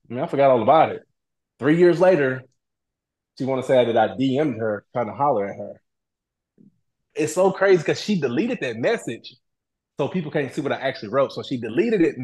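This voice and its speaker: A middle-aged man telling a story as a guest in a casual interview, animated and acting out other people's lines. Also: medium pitch. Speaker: reality TV guest.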